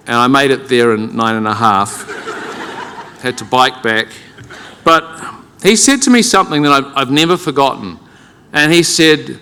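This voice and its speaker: A man's voice: mid-range voice, moderate pace, sharp tone, clean tone. A middle-aged man with a New Zealand accent telling a self-deprecating story as a keynote speaker, wry and conversational. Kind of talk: humorous personal storytelling. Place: large conference hall with audience. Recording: long hall reverb.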